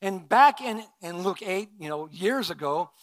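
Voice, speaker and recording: A middle-aged man preaches a sermon in a fairly high voice. He talks in an earnest way, dropping to quiet asides and then rising to emphatic calls. The sound is dry and close, with no room echo. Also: expressive, a little slow. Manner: earnest, swings from soft to emphatic. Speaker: pastor.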